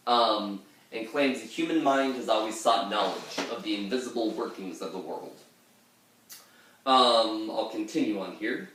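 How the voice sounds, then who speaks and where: A man's voice: fairly low pitch, takes it slowly, fairly bright tone. A man reading and explaining a poem in a casual way, thinking aloud with frequent fillers. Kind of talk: casual literary commentary. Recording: very echoey room, distant mic.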